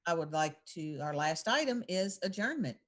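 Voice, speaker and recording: A woman runs a school board meeting as its president. Her voice sits a bit low, and she speaks haltingly, filling pauses with ums and uhs. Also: lively intonation. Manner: halting, with many fillers. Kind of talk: chairing a meeting.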